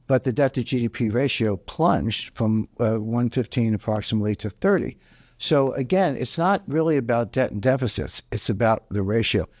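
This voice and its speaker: A man's voice: medium pitch, a little mellow, no room sound. Emphatic man explaining economics, dry sound. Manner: emphatic, explanatory, repeats key points. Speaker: interview guest, economic commentator. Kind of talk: interview answers.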